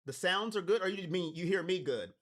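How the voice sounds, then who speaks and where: A man with a high, bright, ringing voice calls a football game play by play for a live stream. He talks straight to his chat in an energetic, hype-driven way. His voice sounds worn thin from talking. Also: brisk. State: voice wearing thin. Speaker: livestream watch party host.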